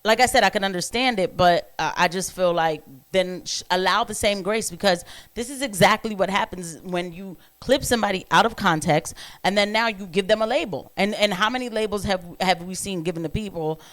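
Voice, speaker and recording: A woman's voice: medium pitch, brisk, a bit bright. A woman giving casual reaction commentary on a podcast clip, chatty with sarcastic asides.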